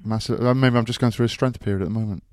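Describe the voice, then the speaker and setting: A man's voice: medium pitch, fairly even intonation, racing, a little mellow, no echo. A man co-hosting a casual podcast, recounting his week in a laid-back, dry way. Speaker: co-host, rugby commentator.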